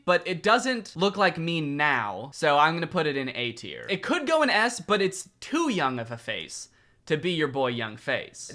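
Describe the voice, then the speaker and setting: A man's voice: on the high side, sharp tone. A young man chatting casually as a vlogger, wry and self-mocking as he ranks pictures. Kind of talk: casual commentary ranking pictures.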